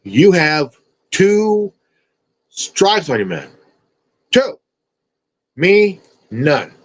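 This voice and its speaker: Man, confrontational rant, high voice, slow delivery, repetitive, profane. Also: big pitch swings, poor audio. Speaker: streamer.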